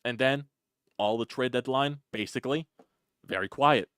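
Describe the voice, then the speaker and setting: A man's voice: medium pitch, moderate pace, a bit bright, clean tone, dry recording, studio quality. A man hosting a sports channel, ranting in an exasperated, repetitive way and mocking others in a put-on voice. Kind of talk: ranting sports reaction monologue.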